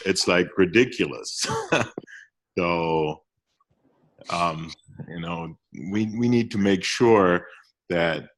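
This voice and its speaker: Deep-voiced man, hesitant on a call. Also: slow pace, pauses often. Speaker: participant on a business call. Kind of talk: casual business call.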